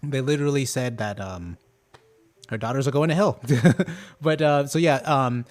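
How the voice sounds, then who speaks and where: A man's voice: medium pitch, moderate pace. A young man hosting a casual live stream, talking hesitantly with lots of ums and uhs. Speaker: livestream host. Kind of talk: casual livestream chat.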